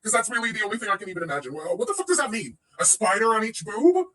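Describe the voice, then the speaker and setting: Sarcastic woman streamer, lively swings. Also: fairly high pitch, rapid-fire. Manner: sarcastic, swearing, laughs often. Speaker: livestream host reacting to another streamer. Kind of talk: casual commentary livestream. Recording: voice a bit far from the mic.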